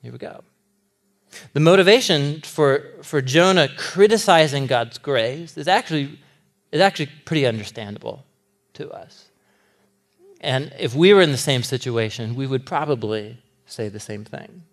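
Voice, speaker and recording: A man in his thirties preaching a sermon to a live audience, animated, laughing often and acting out characters' lines. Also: mid-range voice, normal speed. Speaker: pastor.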